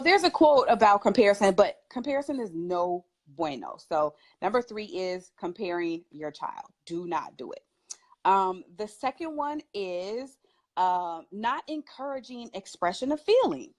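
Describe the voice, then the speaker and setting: A woman who is a mother, speaking as a talk show guest and giving parenting advice in an emphatic, animated way, laughing often. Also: mid-range voice. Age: adult with children.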